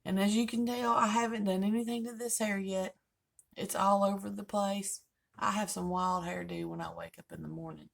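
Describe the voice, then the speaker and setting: Older grandma vlogger, gravelly and folksy, joking home chat. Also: female voice, medium pitch. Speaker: vlogger host. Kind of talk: casual chat.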